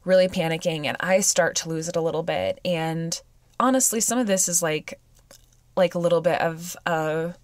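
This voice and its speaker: A woman with a fairly low voice speaks close to the mic in a dry, dead room. She tells a personal story in a halting, emotional way and often stops to restart her sentences. She sounds weepy. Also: no echo. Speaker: podcast host.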